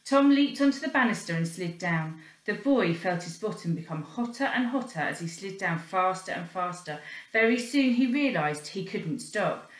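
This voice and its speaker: A woman reading a children's storybook aloud in an expressive, animated way, acting out the sound effects. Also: medium pitch, moderate pace, roomy sound, poor audio.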